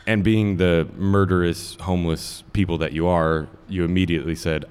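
A man narrating as dungeon master for a live tabletop game, relaxed and chuckling with fillers. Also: deep voice, moderate pace, smooth.

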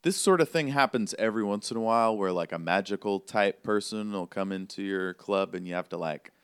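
A man's voice: on the low side, brisk, clean tone. A man running a tabletop game as game master, describing scenes loosely with many fillers.

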